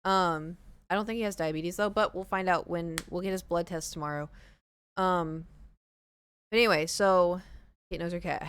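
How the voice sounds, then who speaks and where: A woman's voice: on the low side, clean tone, dry recording. A young woman streaming, casually retelling a story to her chat with lots of "like" and acted-out dialogue. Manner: chatty, lots of "like" and retold dialogue; drops to a hushed voice. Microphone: headset, later taken off.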